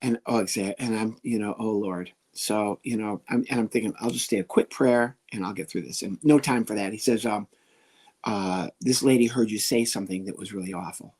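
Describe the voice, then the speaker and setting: Comedian guy on an interview show, husky voice, tells his story all animated, does little voices for people. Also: fairly low pitch, a little fast. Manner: lively, animated, acts out the people he quotes. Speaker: comedian guest.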